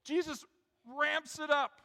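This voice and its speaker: A man's voice: very high voice, steady tone, slow pace, gravelly, pushed and bright, in a large hall. A middle-aged man preaching a sermon in a church, telling a story in a conversational way and speaking straight to the congregation. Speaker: pastor. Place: church sanctuary.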